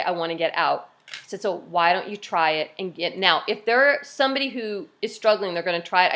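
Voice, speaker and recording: A woman's voice: mid-range voice, a bit bright. A woman coaching her team on a video call, chatty and upbeat, acting out cheerful quotes now and then.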